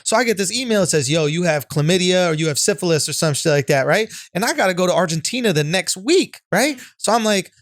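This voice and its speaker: A man's voice: high voice, animated, fast, few pauses, no echo, studio quality. A man co-hosting a podcast, telling a story in a rambling, casual way, cursing freely and checking in with "right?". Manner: rambling, swears freely, peppers talk with "right?". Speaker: podcast co-host.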